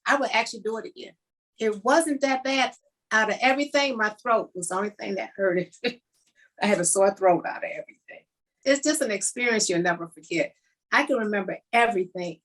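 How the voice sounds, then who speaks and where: A woman's voice: mid-range voice, a bit bright. A middle-aged woman from the United States, a kidney donor, telling her story in an emotional way and acting out old conversations in quotes. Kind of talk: personal storytelling.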